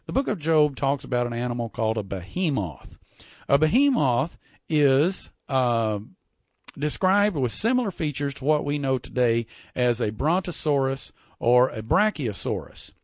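A man teaching from the Bible in a folksy sermon style, often repeating words and reading scripture slowly and deliberately. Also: mid-range voice, very animated, dry recording, studio quality. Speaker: preacher.

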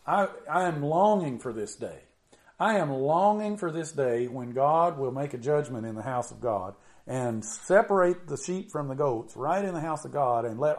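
Preaching informally, this middle-aged man talks conversationally, stretching words for emphasis and repeatedly saying "you know." His voice is medium in pitch with a darkish tone.

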